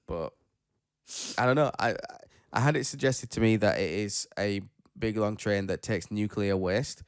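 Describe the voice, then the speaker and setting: Guy, kinda low voice, tired and rambly, reading news on a podcast, dry close mic. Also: moderate pace, smooth, no room sound. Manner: rambling, self-deprecating, stumbles over names. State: tired after being ill. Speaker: podcast host. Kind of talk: casual chat, reading news stories aloud.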